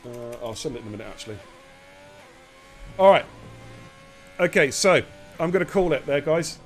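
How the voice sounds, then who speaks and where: A man casually hosting a live online racing stream, relaxed and jokey as he talks to viewers. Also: fairly high pitch, moderate pace, a little hiss or hum. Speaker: esports race league host.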